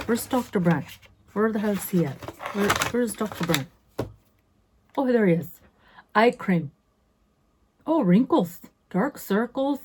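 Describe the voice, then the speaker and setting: A woman's voice: on the low side, warm tone, slightly rough. A woman in her fifties chatting casually as a beauty vlogger through an unboxing, sassy and full of self-interrupting asides. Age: 50s.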